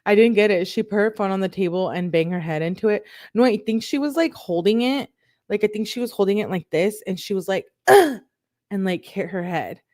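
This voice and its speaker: A woman's voice: medium pitch, a little fast, darkish tone, dry recording, studio quality. A woman who runs a true crime channel, reading a couple's text messages aloud and breaking in with sarcastic, laughing asides.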